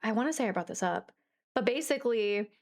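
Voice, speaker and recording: A woman's voice: medium pitch, expressive, fairly quick, vocal fry, a little mellow. A young woman co-hosting a podcast, telling a story in a bubbly, giggly, rambling way. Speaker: podcast co-host. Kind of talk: casual chat, animated storytelling.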